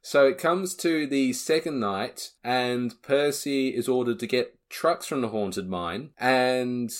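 A podcast co-host chats casually in a review conversation, with a dry, teasing manner. His voice is mid-range, and he takes his time speaking.

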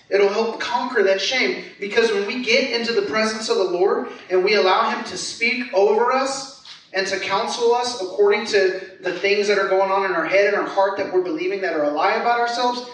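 A man's voice: sits high, fairly bright tone. A young man preaching a sermon as a pastor, in an earnest, conversational way with frequent restarts. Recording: echoey hall, heard from a distance.

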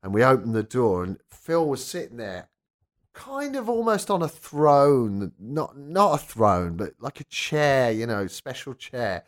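Lively man telling stories. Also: medium pitch, a little slow. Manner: animated anecdote-telling with quoted voices. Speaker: rock radio presenter and former punk singer. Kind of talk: casual storytelling interview.

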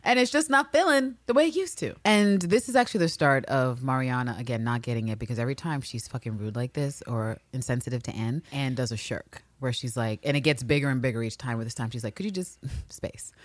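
A woman with a low voice talks in a casual podcast recap chat. Her pitch swings widely as she gets animated and acts out quotes in other voices. She swears freely, and the sound is dry and close. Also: fast, few pauses, dry recording. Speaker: podcast co-host.

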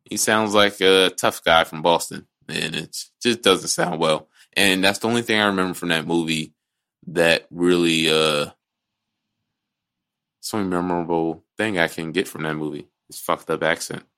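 A low-pitched man co-hosts a laid-back movie podcast, his voice bright and forceful. He rambles, restarts his sentences and swears freely as he gives his opinions. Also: fairly even intonation, normal speed, clean tone. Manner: rambling, restarts a lot, blunt and profane. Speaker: podcast co-host. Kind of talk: casual movie chat.

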